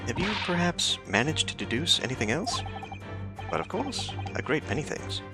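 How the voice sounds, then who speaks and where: A man voicing a pompous, overconfident gentleman detective with a put-on British accent, reading game dialogue aloud over game music. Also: on the high side, very animated, moderate pace, voice pushed up. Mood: grandiose. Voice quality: grandiose, theatrical delivery.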